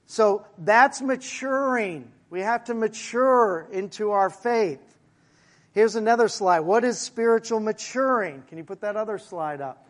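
Speaking in a high-pitched voice, this male pastor delivers his sermon like a conversation, turning to the congregation with asides and slowing on the phrases that matter most.

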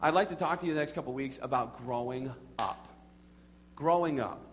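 A man's voice: medium pitch, moderate pace. A young adult man preaching a sermon, who tells stories and leads his congregation in call-and-response. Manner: animated, addresses the congregation directly; storytelling with audience prompts. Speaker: pastor. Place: church sanctuary with congregation. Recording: reverberant hall with faint hum.

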